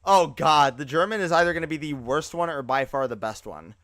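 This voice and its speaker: A man's voice: on the high side, a little fast, no room sound. Guy streaming, chatty reaction commentary, bouncy voice going all over the place, dry close mic. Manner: animated, chatty reactions with loose filler words.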